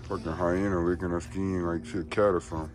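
Deep-voiced man talking to dogs. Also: little pitch movement, quick pace. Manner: loose, profane, coaxing dogs in a sing-song voice. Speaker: dog kennel owner. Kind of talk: casual vlog talking to his dogs. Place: outdoors in a yard.

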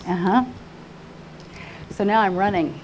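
An older woman delivers a fervent testimony sermon at a mid-range pitch. She repeats her phrases and moves between near-whispers and loud cries. A faint hiss runs under her voice. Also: steady tone, takes it slowly. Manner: fervent, repetitive, swings from hushed to crying out. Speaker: conference speaker. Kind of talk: emotional personal testimony sermon.

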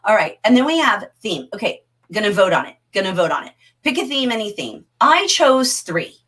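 A middle-aged woman teaching a livestreamed literature class, animated and often laughing as she answers the chat. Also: mid-range voice, brisk, husky.

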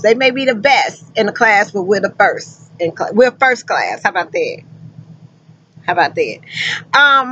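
A woman's voice: sits high, fairly bright tone, dull audio, a little hiss or hum. Effusive folksy woman trucker. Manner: effusive and folksy, keeps calling listeners honey and child. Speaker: truck driver and driver recruiter. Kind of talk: casual vlog talk to viewers.

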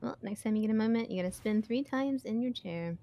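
A woman's voice: on the high side, fairly quick, mellow. Dry, teasing woman reading donations. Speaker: donation reader on a stream. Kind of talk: casual live-stream commentary.

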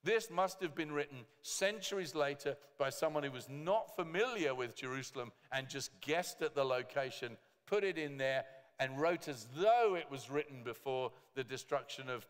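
A man's voice: mid-range voice, normal speed, few pauses. Man preaching in a reverberant church. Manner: lively preaching with joking asides. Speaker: pastor. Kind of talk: sermon. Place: church hall.

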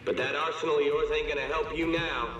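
A man's voice: on the high side, level tone, quick pace, dull audio, lightly acted. An actor playing a smug male enemy who taunts the player over a radio channel in a drawling voice. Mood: taunting. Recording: distant, echoey game audio with loud noise.

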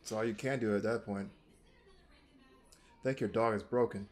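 A man's voice: lowish voice, fairly even intonation, normal speed. A young man hosting a reaction video, chatting casually, laughing easily and swearing now and then.

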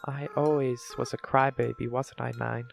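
A man reading the lines of a remorseful young goat-monster boy prince from a game, slowly and apologetically. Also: mid-range voice, little pitch movement, gravelly, slight background noise. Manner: slow, tearful, apologetic reading. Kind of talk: reading game dialogue aloud.

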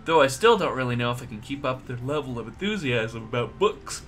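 A man's voice: medium pitch, expressive, fairly quick, soft background music. A young man hosting a let's play, reading the game's text aloud and cracking jokes. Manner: joking, bright quips. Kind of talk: casual gaming commentary.

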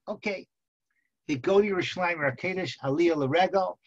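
High-voiced, animated male storyteller. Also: brisk. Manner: animated storyteller who acts out characters. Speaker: rabbi teaching seminary students. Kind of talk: Torah lecture with storytelling. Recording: slightly muffled recording.

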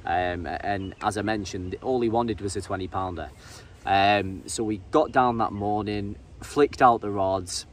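A lowish-voiced English man tells his fishing story in loose, casual vlog narration. He stumbles and repeats words, with plenty of ums along the way. The mic sits a bit far off, with a faint wash of ambient noise behind him. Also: unhurried. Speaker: angler and vlogger.

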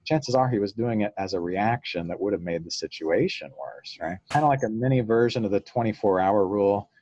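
A man's voice: lowish voice, fairly quick, muffled recording, a little hiss or hum. A man, a psychologist guest in an interview, explaining ideas through stories and often chuckling. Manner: relaxed storyteller, acts out quotes, chuckles often.

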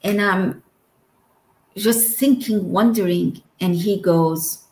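A woman in her forties from Egypt tells her personal story slowly and earnestly. Her words carry a little roomy echo, and her middle-pitched voice breaks into the odd quick giggle. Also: darkish tone. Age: 40s. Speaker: guest telling her near-death story. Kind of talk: emotional personal testimony.

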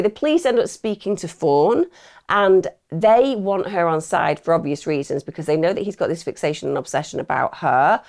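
A woman's voice: low-pitched, gravelly, a little mellow. A woman hosting true crime commentary, blunt, opinionated and conversational. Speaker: true crime channel host.

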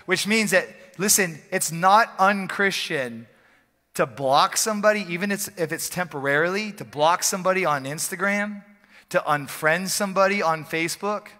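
A male pastor preaching an energetic, joking, conversational sermon in a church service, often repeating phrases for emphasis. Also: high-pitched, moderate pace. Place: church sanctuary during a service. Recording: long hall reverb from a church.

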